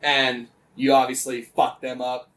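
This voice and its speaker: A man's voice: medium pitch, monotone, measured pace, a bit bright, a little hiss or hum. A man co-hosting a casual podcast, animatedly retelling events with lots of swearing and "like" fillers. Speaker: podcast co-host.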